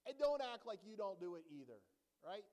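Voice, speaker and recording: A male pastor preaching a sermon to a congregation in a church, animated and joking, often checking in with the audience. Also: high voice, a little fast, big-room sound.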